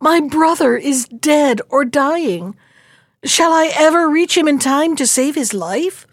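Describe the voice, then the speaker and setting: A woman's voice: high-pitched, animated, takes it slowly, no echo, studio quality, pitched above the performer's own voice, heavily acted. A woman voicing a brave, loyal young man in a fairy-tale reading, speaking in an earnest, urgent way. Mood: anguished.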